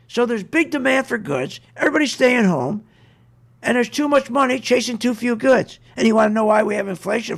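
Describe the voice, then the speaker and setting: A man's voice: very high voice, gravelly. A man hosting a talk radio show, ranting indignantly about politics with mocking, sarcastic asides.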